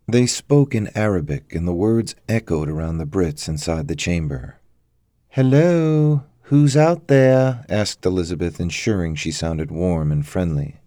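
A very low, mellow male voice reads an adventure story at a measured, steady pace. The recording is close and dry, without room sound. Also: no room sound. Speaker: audiobook narrator. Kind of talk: scripted narration.

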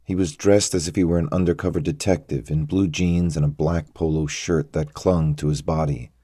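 A man narrating a thriller story in a measured, even storytelling manner. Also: very deep voice, no echo, clean studio sound. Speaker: audiobook narrator.

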